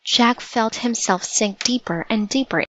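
A woman narrating a storybook in a measured, vivid read-aloud manner. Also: fairly high pitch, fairly bright tone, no echo, low-quality recording.

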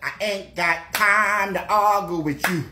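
An actor playing an older Southern granddad with a Gullah Geechee accent, rambling and stammering through comedy stories. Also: male voice, sits high, unhurried, bright, forceful tone, echoey room, slight background noise, full character voice.

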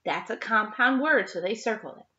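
A woman teacher reading a story aloud to young children and walking them through their seatwork, spelling out words slowly and clearly. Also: fairly high pitch, animated, pushed and bright, echoey room, muffled recording. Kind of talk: remote classroom lesson for young children.

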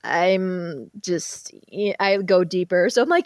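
Woman hypnotherapist chatting on a podcast, laughs a lot, acts out quotes, mid pitch, dry sound. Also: takes it slowly, dry recording. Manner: laughs often, animated retelling with quoted voices. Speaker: guest, hypnotherapist. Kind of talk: casual storytelling chat.

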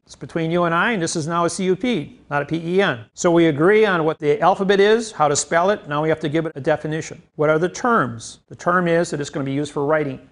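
A middle-aged man lecturing an audience, explaining his ideas emphatically and speaking to them directly. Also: a little high. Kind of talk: lecture on language and law.

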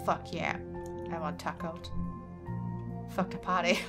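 A woman's voice: lowish voice, steady tone, unhurried, a bit bright, soft background music. A young woman commenting over a video game let's play, irreverent and joking, swearing casually. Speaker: gaming channel host.

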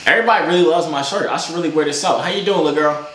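A man's voice: a little high, rapid-fire, fairly bright tone, slight background noise. A young man hosting his vlog, bantering and teasing strangers in casual video-chat talk over a webcam. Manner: teasing, joking. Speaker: host. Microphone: webcam or phone on a video call. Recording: roomy echo.

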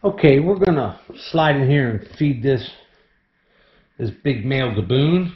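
Excitable man in an echoey room. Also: medium pitch, a little slow, slight background noise. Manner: excitable and chatty. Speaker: snake keeper. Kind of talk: casual how-to vlog. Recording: echoey room, dull lo-fi sound.

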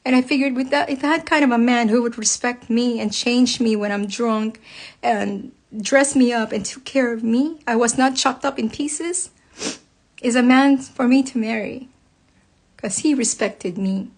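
A woman's voice: fairly high pitch, a little slow. A woman, speaking straight to her viewers in a blunt, impassioned, heavily profane personal rant. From United States.

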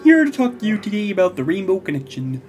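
A podcast guest doing a cheerful frog puppet voice, high and giggly. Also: sing-song, quick pace, darkish tone, soft background music, lightly acted.

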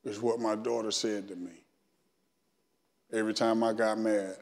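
A man's voice: fairly low pitch, flat delivery, normal speed. A middle-aged man from Alabama with a Southern accent, telling his testimony as a guest speaker in a church sermon, acting out his own past dialogue. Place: church sanctuary. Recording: long church reverb.

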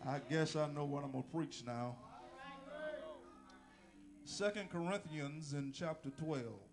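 A man's voice: a little high, animated, over music. A male minister, preaching in a church and exhorting the congregation with call and response. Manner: exhorting the congregation, drawn-out phrasing. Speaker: guest minister. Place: church sanctuary.

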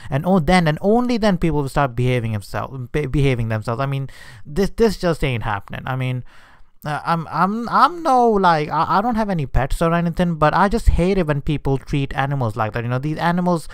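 A man's voice: on the high side, animated, brisk, clean tone, dry recording. A man ranting to his vlog audience in an indignant, unscripted way, often stumbling over his words and restarting. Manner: indignant ranting with frequent hesitations. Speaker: vlogger. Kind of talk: unscripted rant.

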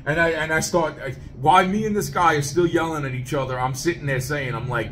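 A man's voice: a little high, a little fast, a bit bright, slight background noise. A man telling a story as a profane rant, swearing heavily and stammering through restarts as he gets worked up.

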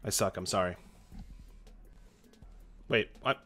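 A man streaming a video game live, reacting excitably and chatting to his viewers. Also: deep voice, takes it slowly, soft background music. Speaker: Twitch streamer.

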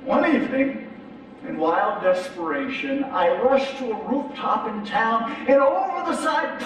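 High-voiced pastor in an echoey hall. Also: male voice, animated, measured pace, a little hiss or hum. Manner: conversational, with frequent repeated words. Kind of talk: sermon. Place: large church sanctuary. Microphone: distant from the mic. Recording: echoey church hall from far off.

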